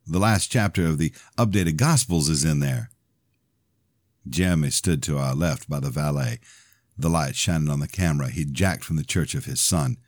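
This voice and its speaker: Man, very deep voice, reading his own novel, steady narration, dry close sound. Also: moderate pace, no echo. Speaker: podcast host and author.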